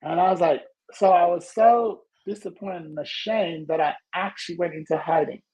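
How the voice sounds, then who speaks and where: A man hosting a podcast as a coach, telling stories in conversation and acting out other people's voices with big jumps in pitch. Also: normal speed, darkish tone, rough recording. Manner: laughs while telling. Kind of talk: storytelling in conversation.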